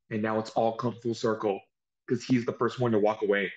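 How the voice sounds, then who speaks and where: A man's voice: on the low side, normal speed, lo-fi sound. A man hosting a casual wrestling review show, retelling the action play by play with energy. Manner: animated play-by-play retelling with acted-out quotes. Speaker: podcast host reviewing wrestling. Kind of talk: casual recap chat.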